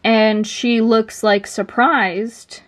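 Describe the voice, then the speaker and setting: A woman video essayist casually pitching a story idea in a loose, chatty way, with many fillers. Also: steady tone, very slow.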